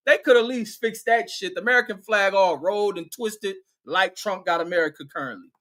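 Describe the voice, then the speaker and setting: A man giving loud, mocking, profane commentary over news footage, scornful and quick to laugh. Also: high voice.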